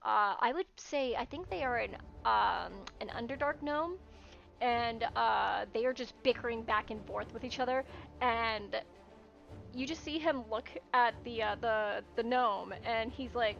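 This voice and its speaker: A woman runs a tabletop game as its game master. Her voice sits high, and she narrates in a casual, descriptive way with easy laughter. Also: unhurried, gravelly, fairly bright tone, highs cut off, soft background music.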